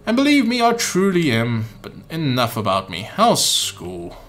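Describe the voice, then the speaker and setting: Name: Umbrella Man. Man doing a genteel, gravelly, sinister gentleman. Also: a little high, sing-song. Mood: genteel menace. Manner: mock-British, genteel, drawn-out theatrical delivery. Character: polite sinister male being, unaging, in a borrowed boy's body. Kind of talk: reading game dialogue aloud.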